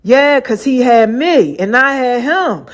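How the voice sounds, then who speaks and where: A woman hosting her own podcast, talking through her faith in an animated, slang-heavy way and often laughing. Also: high-pitched, slow pace. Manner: conversational slang-heavy delivery, addresses listeners directly. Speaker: podcast host. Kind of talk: casual faith talk monologue.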